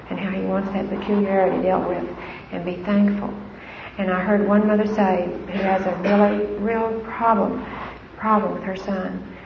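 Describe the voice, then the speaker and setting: A woman's voice: medium pitch, gravelly. A middle-aged woman giving a conversational talk on Christian parenting to a live audience, with fillers and restarts. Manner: conversational, warm-hearted, frequent fillers and restarts. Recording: echoey hall, dull lo-fi sound with faint noise.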